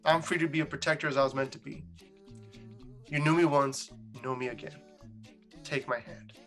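A man voicing a young werewolf woman, reading her lines quietly and earnestly. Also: medium pitch, normal speed, soft background music, close to an everyday voice.

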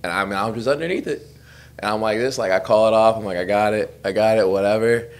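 A young man in his twenties, co-hosting a podcast, talks fast in a lowish voice. He tells a meandering story at his own expense in a casual chat, laughing all the way through.

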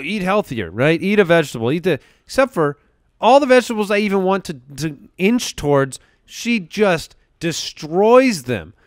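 A man in his thirties co-hosting a comedy podcast, telling wry, deadpan stories about home life. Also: fairly high pitch, smooth, no echo, clean studio sound. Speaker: podcast co-host. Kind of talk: casual comedy podcast banter.

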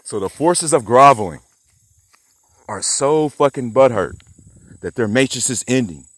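A man's voice: medium pitch, animated, unhurried, a bit bright, husky, no echo. A man vlogging outdoors by a garden plot, rambling, swearing and laughing as he taunts someone. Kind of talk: rambling outdoor vlog rant.

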